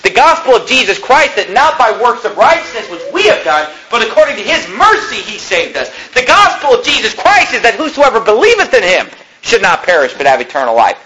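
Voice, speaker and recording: Bright-voiced male pastor preaching emphatically. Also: high voice, sing-song, a little fast, slight background noise, rough recording. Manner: emphatic preaching, rising to shouts at points. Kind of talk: sermon.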